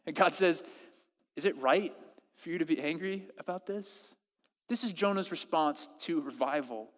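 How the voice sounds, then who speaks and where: A man's voice: fairly high pitch, normal speed. A man in his thirties preaching a sermon to his congregation, conversational and playful, often restarting his sentences. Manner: conversational, self-interrupting, playful asides. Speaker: pastor. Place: church service in a school auditorium. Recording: long reverb of a church hall.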